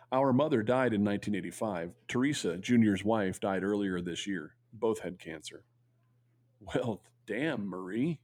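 A man's voice: lowish voice, darkish tone, no echo, clean studio sound. A man co-hosting a talk show, reading a listener's letter aloud and telling stories, earnest, with stammers when he ad-libs. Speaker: podcast co-host.

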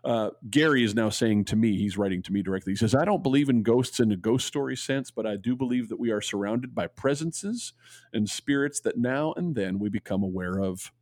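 A man's voice: fairly low pitch, fairly quick, a little mellow, no echo, clean studio sound. A man co-hosting a talk show, reading a listener's letter aloud and telling stories, earnest, with stammers when he ad-libs. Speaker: podcast co-host.

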